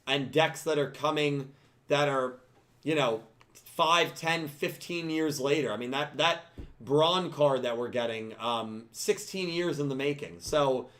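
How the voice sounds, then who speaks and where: A man's voice: fairly high pitch, unhurried, fairly bright tone. A man hosting a casual podcast chat, rambling and restarting his sentences. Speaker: podcast host.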